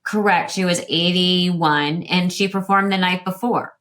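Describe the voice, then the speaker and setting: A woman in her fifties, a guest telling candid stories with quick asides. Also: on the low side, fairly even intonation, a bit bright. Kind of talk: interview conversation.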